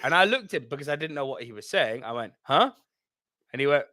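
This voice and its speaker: A man's voice: mid-range voice, quick pace, bright, forceful tone, dry recording, clean studio sound. A man with a posh English accent, co-hosting a podcast and telling a swearing, laughing anecdote. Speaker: podcast co-host. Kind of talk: casual chat, storytelling.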